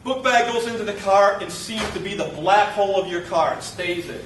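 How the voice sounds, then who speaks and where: A man teaching a college class in a lively, joking lecture, acting out what his students say. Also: high-pitched, a little fast, reverberant, recorded from a distance, a little hiss or hum, rough recording. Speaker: college instructor.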